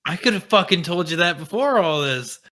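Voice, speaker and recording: Young man, podcast co-host, bright edgy voice, blunt, profane, wisecracking. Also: high voice, expressive, a little fast. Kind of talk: casual chat.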